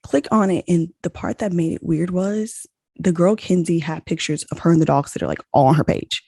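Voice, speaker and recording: A young woman hosting a podcast, telling a story in a casual, animated way and saying "like" a lot. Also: on the low side, fairly quick, husky, dry recording. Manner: animated, heavy use of "like", acts out quoted dialogue. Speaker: podcast host.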